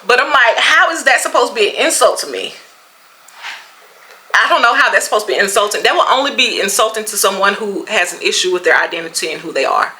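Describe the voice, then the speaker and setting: Southern woman vlogger, bright forceful voice, lively storyteller. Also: mid-range voice, quick pace, rough recording. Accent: Southern American. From Mississippi, USA. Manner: animated storyteller, acts out quotes, laughs often. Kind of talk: storytime vlog.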